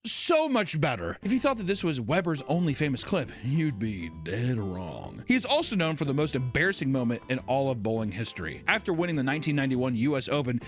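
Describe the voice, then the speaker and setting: A man hosting a casual commentary video, swearing freely, laughing often and breaking into loud outbursts. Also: mid-range voice, sing-song, brisk, hardly any pauses, soft background music. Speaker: host.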